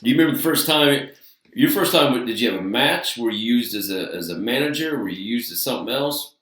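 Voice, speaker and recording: A man co-hosting a podcast, telling excited, animated stories in casual chat. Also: mid-range voice, a little fast. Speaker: podcast co-host. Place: podcast studio. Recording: roomy and distant from mic.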